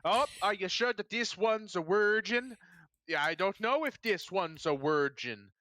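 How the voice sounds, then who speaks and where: A doddering old man with a sing-song Swedish lilt, as a man hams it up. He talks a bit higher than a normal man, with a bright, tight edge. The sound is dry and close. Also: lively intonation, unhurried, dry recording, full character voice. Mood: scheming.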